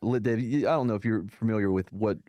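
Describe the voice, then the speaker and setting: A man's voice: on the low side, fast, warm tone, dry recording. A man co-hosting a casual stream, telling stories with slang and swearing. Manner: swearing storyteller, bro slang. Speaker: co-host. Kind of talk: casual live-stream chat.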